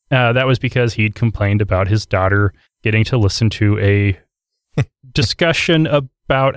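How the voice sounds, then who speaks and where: A man's voice: medium pitch, clean tone, no room sound. A man hosting a podcast in casual chat, joking and talking with frequent fillers into a studio mic. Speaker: podcast host.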